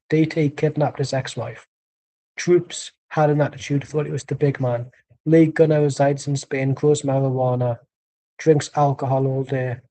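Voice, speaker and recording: Deadpan man chatting over a match. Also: a little high. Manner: dry, deadpan, rambling. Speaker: watchalong streamer. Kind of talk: casual match commentary and chat.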